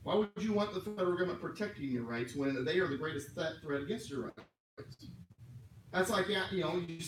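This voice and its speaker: A man's voice: fairly high pitch, distant mic, slight background noise. Man lecturing a class in an echoey room. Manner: conversational, joking asides, explains word by word. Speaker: class instructor. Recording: echoey room miked from afar.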